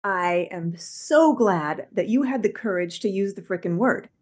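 Woman, interview host, curious, emphatic, mid-pitched. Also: animated, unhurried. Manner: curious, warm questioning, emphatic. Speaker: podcast host. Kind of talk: interview conversation.

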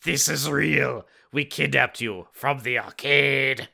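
A man plays a menacing alien kidnapper who speaks in a hollow, mechanical way. His voice is gravelly and bright, and every word comes out slow and flat. It is a comic storybook reading. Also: medium pitch, heavily acted.

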